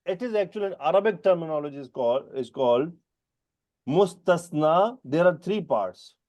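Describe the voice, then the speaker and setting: The recording sounds dull, carrying a man's slightly high voice with lively intonation. He teaches Quran grammar in non-native English, putting questions to students by name and explaining terms at a slow pace.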